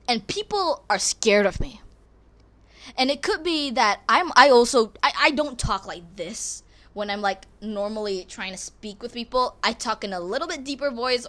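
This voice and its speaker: A teenage girl vlogger speaks with a slightly high, somewhat bright voice in a casual confessional video. Talking candidly to her viewers, she rambles, restarts, and gets more exasperated as her rant goes on.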